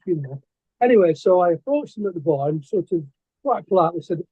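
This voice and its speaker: A man's voice: sits high, animated, fast talker, slightly rough, no room sound. An older man, a guest artist telling stories in a casual interview, rambling and hesitant with lots of fillers and restarts. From England. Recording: dry, tinny phone-like line.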